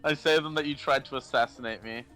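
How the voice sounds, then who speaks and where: Deadpan man with a bright voice. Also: mid-range voice, fast, faint music behind, rough recording. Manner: short deadpan replies. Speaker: podcast guest. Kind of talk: casual chat.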